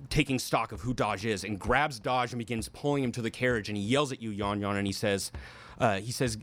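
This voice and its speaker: A man's voice: on the low side, a little fast, a bit bright. A man running a tabletop game as game master, narrating scenes in vivid, descriptive bursts.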